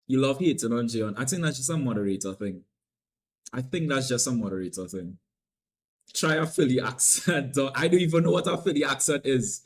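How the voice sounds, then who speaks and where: A young man with a Trinidadian accent chats casually on a live stream, playful and loose. He repeats lines and swings between loud hype and low mumbling.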